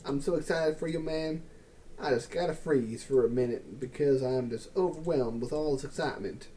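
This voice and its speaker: A man's voice: medium pitch, moderate pace, distant mic, slight background noise, close to an everyday voice. A man voicing a talking video game as a gushing, overexcited male figure during his game commentary. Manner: gushing, breathless excitement.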